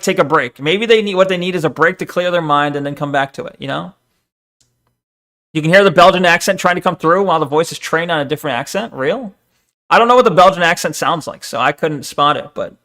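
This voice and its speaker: A man talks off the cuff on a live stream, pausing and restarting as he reacts to a clip. His voice sits a bit high for a man, and the delivery is loose, chatty commentary. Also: sharp tone. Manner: rambling, talks over the video, frequent fillers.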